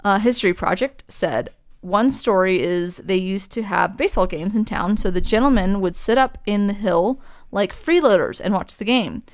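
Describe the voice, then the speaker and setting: A young woman co-hosting a podcast tells a story in casual conversation, chatty and full of fillers, swearing freely. Her voice sits at a medium pitch and moves at a moderate pace.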